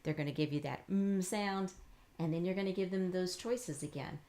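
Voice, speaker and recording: Patient woman teacher modeling sounds, low-pitched. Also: warm tone. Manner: slow, exaggerated modeling of letter sounds; encouraging, patient explanation. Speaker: reading teacher. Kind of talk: instructional demonstration.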